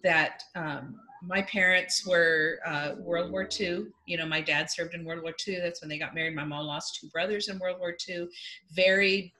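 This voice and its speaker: A woman's voice: lowish voice, fairly even intonation, normal speed, bright, forceful tone, a little hiss or hum. An older woman on an online panel, speaking reflectively and conversationally over a video call. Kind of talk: casual panel discussion.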